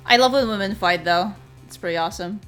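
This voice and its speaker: A woman's voice: mid-range voice, fast talker, fairly bright tone, faint music behind. A woman streamer chatting casually and enthusiastically during a game, laughing often. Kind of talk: casual let's-play chat.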